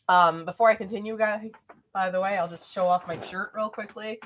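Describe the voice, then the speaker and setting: A woman's voice: medium pitch, fairly even intonation, a little slow, a little hiss or hum. A young woman vlogger chatting casually through a storytime, rambling with lots of fillers.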